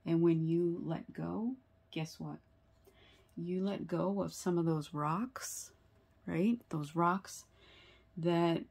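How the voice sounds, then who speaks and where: Woman tarot reader, earnest and sympathetic; low, gravelly voice. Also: mellow. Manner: earnest and sympathetic, many fillers and rhetorical "right?". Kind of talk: tarot reading video.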